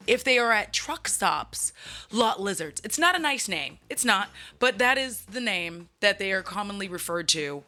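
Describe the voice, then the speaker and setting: A woman's voice: medium pitch, bright, forceful tone. A woman hosting her channel, retelling a movie in a chatty, comic way with asides straight to her viewers. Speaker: channel host. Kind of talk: comedic movie recap. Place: at home.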